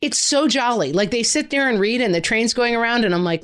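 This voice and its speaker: A woman's voice: a little high, expressive. Chatty woman podcast co-host. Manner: chatty, jokey, quick asides. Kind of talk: casual chat.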